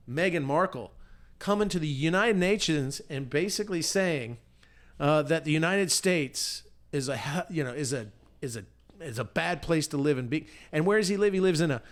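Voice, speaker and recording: A man's voice: a little high, expressive, moderate pace. A man co-hosting a podcast, delivering a blunt, fiery political rant full of profanity. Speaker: podcast co-host.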